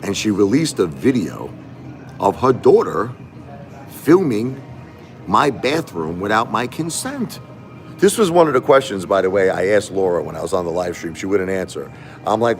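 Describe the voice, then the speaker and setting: Speaking straight to his live-stream viewers in a casual monologue, a man sounds aggrieved, repeating himself and firing off rhetorical questions. His fairly low voice has a sing-song lilt at normal speed, with faint music behind him.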